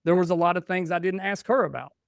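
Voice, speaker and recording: A fast-talking podcast guest in his forties recounts family stories in a relaxed, chatty manner, restarting and quoting himself to act out the exchanges. His high voice is creaky yet clean in tone, captured in a clean studio with no room sound.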